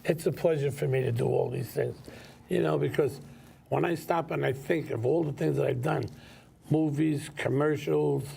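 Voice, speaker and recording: A man's voice: on the high side, fairly even intonation, normal speed, gravelly, dark tone, a little hiss or hum. A man hosting a casual chat, telling streetwise stories plainly. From New York. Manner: streetwise storyteller, plain and direct. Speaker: host.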